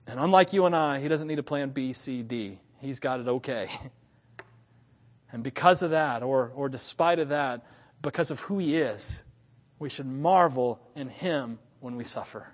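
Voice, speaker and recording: A man's voice: mid-range voice, normal speed, in a large hall. A man in his thirties preaching a sermon as a pastor, telling stories animatedly with frequent chuckles. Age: 30s. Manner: animated storytelling with frequent laughs.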